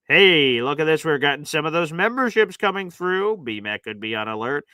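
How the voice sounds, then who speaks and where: A man's voice: on the high side, animated, moderate pace, bright, forceful tone, no room sound, clean studio sound. A man hosting a casual sports livestream, hyped up and calling his viewers "baby" as he reads off gifts. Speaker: livestream host.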